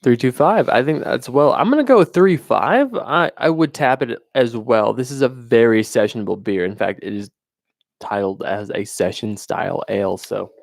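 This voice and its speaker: A man's voice: mid-range voice, normal speed, gravelly, dry recording, studio quality. A man co-hosting a podcast, easygoing and agreeable while chatting about beer. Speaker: podcast co-host. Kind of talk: casual beer review chat.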